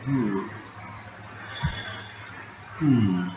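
Low-voiced man chatting over a game. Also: extremely slow, echoey room. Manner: chatty, swears and laughs at the game. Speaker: gameplay streamer. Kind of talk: casual let's-play commentary. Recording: dull lo-fi sound with noticeable background noise.

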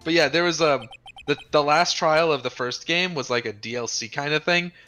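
A man's voice: fairly high pitch, normal speed, bright, forceful tone, faint music behind. A man from Wisconsin co-hosting a game stream, chatting casually, rambling and swearing freely. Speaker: co-host.

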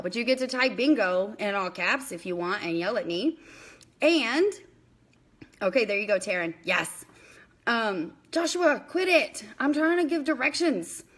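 A woman's voice: fairly high pitch, fairly bright tone. A young woman hosting a casual live-stream bingo game, chatty and scattered, talking to viewers by name.

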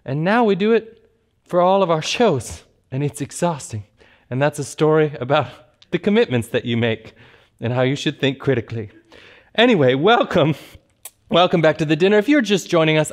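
A man hosting a cabaret livestream, joking campily and turning earnest. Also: a little high. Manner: campy, joking, then earnest. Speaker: cabaret host.

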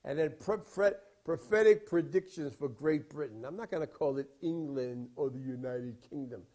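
A man preaching in a rambling storytelling style, emphatic, with sudden swings from loud to quiet. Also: on the high side, normal speed. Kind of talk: sermon storytelling.

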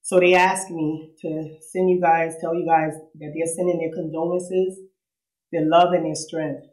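A woman's voice: deep voice, little pitch movement, measured pace, a little mellow. Nervous woman giving a eulogy in an echoey hall. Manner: nervous, conversational, laughs between memories. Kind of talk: funeral eulogy. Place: funeral service hall. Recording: roomy hall echo.

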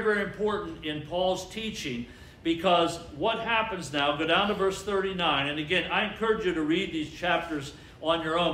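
Pastor, man, high voice, emphatic call-and-response preaching, roomy church sound. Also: fairly bright tone, slight background noise. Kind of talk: sermon. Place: church sanctuary. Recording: echoey church with faint ambience.

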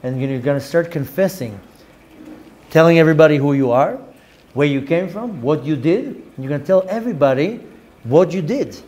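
A man, a rabbi, telling a story in a lively lecture, acting out the dialogue and mixing in Hebrew and Yiddish words. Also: on the high side, moderate pace.

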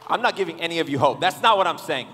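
A man preaching a casual, comedic sermon to a young crowd, joking, animated and talking straight to the audience. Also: fairly high pitch, rapid-fire, big-room sound, a little hiss or hum. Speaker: youth pastor. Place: large church hall.

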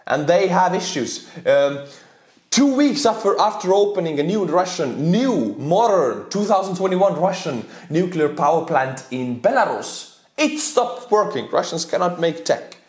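A man from Estonia with an Estonian accent, reacting to cartoons in rapid, excitable commentary. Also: sits high. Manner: rapid, excitable, laughing asides. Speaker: YouTuber reacting to videos. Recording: roomy echo.

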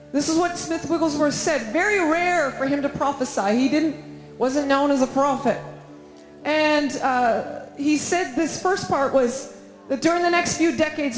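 A woman's voice: sits high, darkish tone. A woman preaching and praying fervently at a conference, with emphatic, repeated phrases. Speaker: conference speaker. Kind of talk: sermon with prayer. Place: large conference hall. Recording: echoey hall with faint music.

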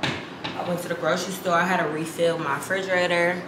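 Young woman vlogger, low-ish voice, chatty and loose, echoey home with dishes clattering behind. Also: little pitch movement, brisk, noisy background. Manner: chatty, lots of ums, calls the viewers y'all. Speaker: lifestyle vlogger. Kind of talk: casual chat to camera. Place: home kitchen and bathroom, indoors. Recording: roomy room with household clatter.

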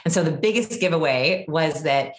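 A woman in her thirties explaining behavior research as an interview guest, animated and quick, acting out examples in her own voice. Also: low voice, echoey room, slight background noise. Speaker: guest expert on body language.

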